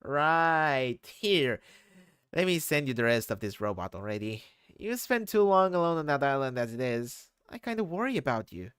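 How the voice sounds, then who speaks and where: A man's voice: mid-range voice, moderate pace, smooth, no echo, clean studio sound, voice pushed down. A man voicing a laid-back, sardonic teen boy who mocks and swears. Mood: deadpan. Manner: mocking, profane, deadpan jabs.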